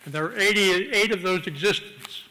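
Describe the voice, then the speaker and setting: High, bright man reading code aloud. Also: normal speed, long reverb tail, low-quality recording. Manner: earnest, reads from code book. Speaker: public commenter. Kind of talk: public hearing testimony. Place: council chamber.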